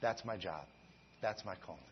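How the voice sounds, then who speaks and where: A man preaching a sermon, telling the story with animated swings from hushed to loud. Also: sits low, moderate pace, highs cut off, slight background noise. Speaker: guest preacher.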